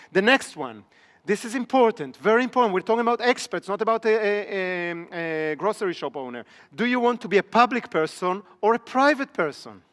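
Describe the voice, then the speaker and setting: The voice is high and a bit bright: a middle-aged business trainer giving a live seminar lecture in a training room. Repeated rhetorical questions keep his audience engaged. The sound carries a long reverb from the large hall.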